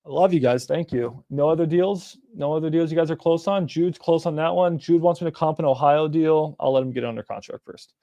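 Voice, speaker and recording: A man's voice: a little high, a little fast, few pauses, dark tone, dry recording. Blunt, profane man hosting a livestream. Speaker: livestream host. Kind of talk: casual livestream chat.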